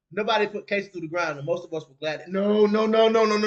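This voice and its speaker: A man on a live stream with a high, bright, ringing voice. He talks casually and animatedly to his viewers. He drops into low asides and then jumps up into loud outbursts. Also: unhurried. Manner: leans on "you know what I'm saying" as a constant filler. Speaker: streamer reading live chat. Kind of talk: casual talk on a live stream about mixed martial arts.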